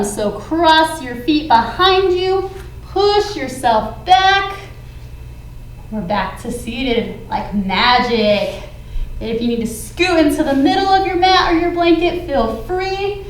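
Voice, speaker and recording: High-voiced woman leading kids' yoga. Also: reverberant, slight background noise, rough recording. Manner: encouraging, playful sing-song cues for kids. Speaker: kids yoga instructor. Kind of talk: guided children's yoga class.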